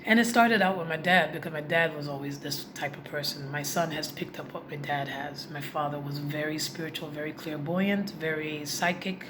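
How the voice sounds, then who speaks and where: A woman's voice: sits low, steady tone, moderate pace, hardly any pauses. A woman vlogger telling a personal story in a heartfelt, confiding way, speaking directly to her viewers. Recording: noisy background.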